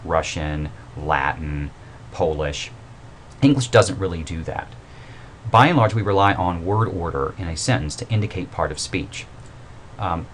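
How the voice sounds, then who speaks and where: Low-voiced man giving a casual grammar lecture. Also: slight background noise. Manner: informal and explanatory, with fillers and self-corrections. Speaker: writing instructor. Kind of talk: recorded mini-lecture.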